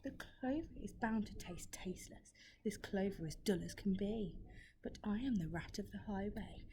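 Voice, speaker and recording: A woman, reading a story aloud and giving hushed, half-whispered menace to a greedy male rat who robs travellers. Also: mid-range voice, lively intonation, moderate pace, lightly acted. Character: greedy bullying male highway rat robber.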